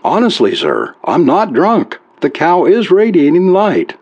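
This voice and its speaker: A man voicing a nervous, urgent male physicist in a read-aloud story, hurried and anxious. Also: fairly high pitch, wildly swooping pitch, a little mellow, slightly rough, pitched above the performer's own voice, exaggerated voice. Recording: dull lo-fi recording.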